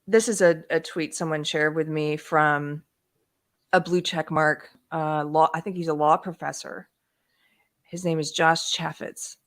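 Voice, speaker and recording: A woman's voice: low voice, fairly even intonation, unhurried. A woman hosting a casual political talk show, agreeing readily with her guest and reading posts aloud. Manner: agreeing often, reads quotes aloud. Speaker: host.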